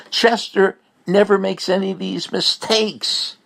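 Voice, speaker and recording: A man's voice: mid-range voice, lively intonation, unhurried, vocal fry, long pauses, a bit bright. A man giving a recorded motivational message as a speaker and teacher, emphatic and repetitive like a coach.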